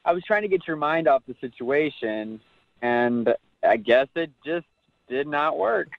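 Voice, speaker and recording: A man's voice: fairly high pitch, animated, a little slow, creaky, dry recording. A man on the phone to a radio show, defensive and joking, trying to explain himself. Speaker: caller. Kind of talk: call-in radio argument. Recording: muffled phone line.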